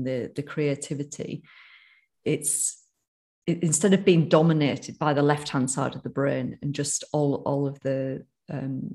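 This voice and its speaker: A speaker with a northern English accent chats casually on a podcast. The voice is gravelly, with a fair amount of fry, and sits at a middle pitch. The talk rambles and keeps restarting, full of fillers. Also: a little mellow.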